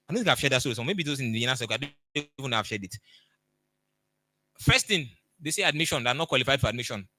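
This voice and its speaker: Bright emphatic Nigerian man coaching. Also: medium pitch, dry recording. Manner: storytelling, emphatic, acts out dialogue. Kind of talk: motivational talk.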